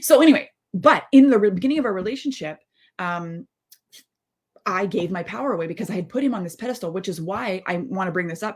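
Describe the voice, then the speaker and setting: A woman in her thirties giving a candid live-stream monologue as a mindset coach, rambling and heartfelt, with many asides and restarts. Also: on the low side. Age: 30s. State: close to tears.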